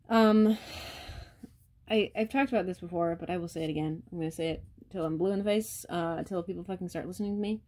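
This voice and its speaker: A woman's voice: lowish voice, darkish tone. A woman vlogger ranting bluntly and profanely, talking straight to her viewers. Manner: addresses viewers directly. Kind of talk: casual rant to camera.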